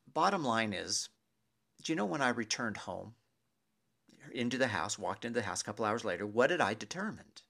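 A man telling a personal anecdote to an audience in a lively, animated way, with pauses and asides to his listeners. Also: fairly low pitch, creaky. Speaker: storyteller.

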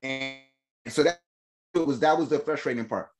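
A man telling a long story in casual podcast chat, animated and slangy, laughing often and acting out the voices of the people in it. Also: medium pitch, normal speed, soft background music. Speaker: podcast host.

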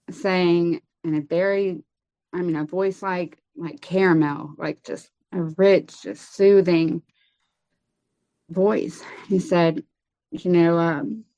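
Brief: woman guest, lower voice, hesitant testimony, dry lo-fi recording. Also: a little mellow, no echo. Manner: halting, many fillers and restarts. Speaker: guest telling her story. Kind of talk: personal testimony in an interview. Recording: dull lo-fi sound.

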